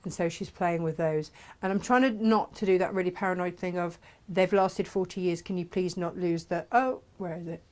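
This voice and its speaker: A chatty woman in her forties hosts a live crafting show. She talks in a loose, rambling way with quick asides, often laughing between thoughts. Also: on the low side, fairly even intonation. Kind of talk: casual live chat selling fabrics.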